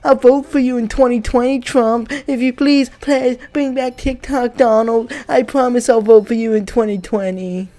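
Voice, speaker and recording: A man's voice: very high voice, steady tone, normal speed, few pauses, mellow, voice pushed up. A man voicing a bratty young teen who whines, sobs and pleads over losing a favorite app. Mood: pleading. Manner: whiny, sobbing and pleading.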